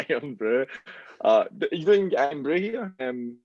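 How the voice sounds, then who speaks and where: A man's voice: a little high, lively intonation, a little slow, no room sound, highs cut off. A man with a Glaswegian Scottish accent chatting casually as a podcast guest, rambling with lots of fillers and restarts. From Scotland. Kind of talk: casual chat.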